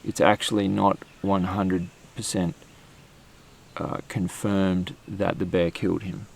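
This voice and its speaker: Australian male podcast host, gravelly and lowish, loose rambling chat, faint ambient noise outdoors. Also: little pitch movement, takes it slowly. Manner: chatty, rambling, with fillers and restarts.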